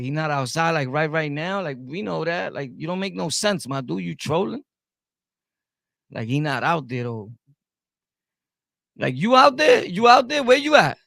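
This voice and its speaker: Fairly high in pitch and marked by vocal fry, this man's voice comes through clean studio sound with no echo. A streamer from Brooklyn, New York, with the accent to match, he answers his chat in a heated, combative live-stream rant, hammering the same points repeatedly.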